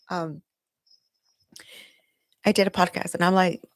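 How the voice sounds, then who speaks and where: Middle-aged woman podcasting from home, raspy low-ish voice, kinda monotone, super dry sound. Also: drawn-out words, dry recording. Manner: candid, emotional storytelling. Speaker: podcast host. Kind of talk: personal confessional monologue. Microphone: recording herself on video.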